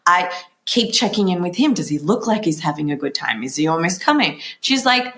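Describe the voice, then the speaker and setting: Animated Australian woman telling a story. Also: lowish voice, brisk. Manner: animated storyteller, acts out quoted voices. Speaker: guest columnist. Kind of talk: casual interview chat.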